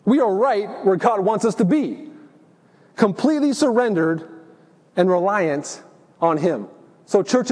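Pastor, male, high voice, earnest sermon delivery, long reverb of a church hall. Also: a little mellow, husky. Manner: earnest preaching, slows for emphasis.

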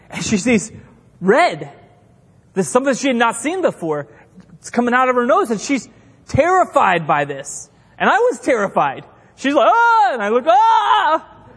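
A middle-aged male pastor delivers an impassioned, animated sermon, acting out the voices of people in his stories. His voice sits unusually high for a man. The sound rings with the long reverb of a large hall. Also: breathy edge. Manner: impassioned, animated preaching with acted-out quotes.

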